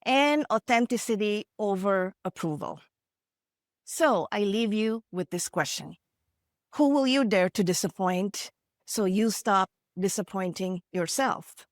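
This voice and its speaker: A woman's voice: mid-range voice, no echo, clean studio sound. A woman from India giving a motivational keynote, telling stories in an earnest, conversational way with frequent asides to the audience. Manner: earnest, conversational, frequent "you know" and "right?". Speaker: keynote speaker.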